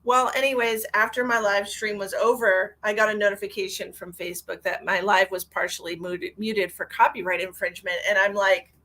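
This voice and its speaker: Brisk, steady in tone and with few pauses, this woman chats casually while hosting her psychic medium live stream. She welcomes viewers by name with endearments, veering between bright exclamations and low asides.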